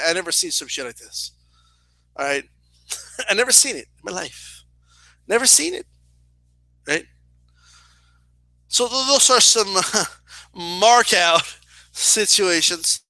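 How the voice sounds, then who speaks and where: A young man telling a story in a casual, animated way, swearing and often asking "right?". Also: high voice, no echo. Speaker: boxing and wrestling commentator.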